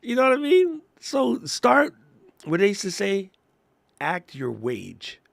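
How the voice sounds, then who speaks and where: Man, podcast co-host, animated and joking, gravelly voice, lively pitch. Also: no room sound. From Washington, D.C. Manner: animated and joking, quick to laugh. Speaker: teacher. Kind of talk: live podcast chat.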